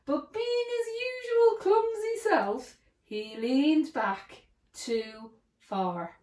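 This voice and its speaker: Woman reading a kids' story, slow and very sing-songy, echoey room. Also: on the high side. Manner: expressive, slow and sing-song. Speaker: storybook narrator. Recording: roomy echo.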